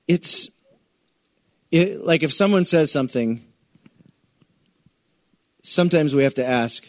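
A middle-aged male pastor from the United States preaches in a loose, conversational way, tossing in jokes and stretching out the words he wants to land. His voice sits at an ordinary middle pitch. The sound is close and dry, with no room around it. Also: normal speed, long pauses, no echo. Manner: chatty, joking asides, restarts sentences, stretches key words. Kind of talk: conversational sermon.

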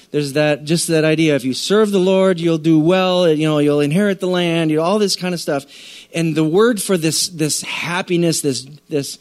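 A man preaching a sermon to a church congregation, animated and conversational, often acting out the voices of listeners. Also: a little high. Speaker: pastor.

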